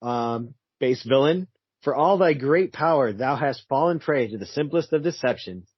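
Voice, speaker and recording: A man's voice: medium pitch, expressive, moderate pace, husky, dry recording. A man doing a gloating demigod in old English. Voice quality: archaic, grandiose phrasing. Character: boastful male demigod speaking old-fashioned English. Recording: muffled lo-fi podcast audio.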